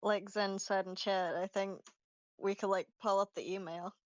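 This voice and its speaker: A woman narrating her character casually in a roleplay session, relaxed and filler-heavy. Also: mid-range voice, moderate pace, no room sound, lo-fi sound. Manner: relaxed, uses many fillers. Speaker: tabletop roleplay player.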